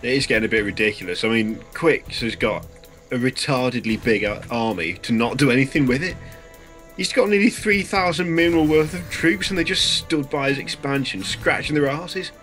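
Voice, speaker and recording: A man's voice: medium pitch, moderate pace, fairly bright tone, faint music behind. Dry-witted caster, man. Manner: dry, wry asides. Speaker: esports commentator. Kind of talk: casual play-by-play commentary.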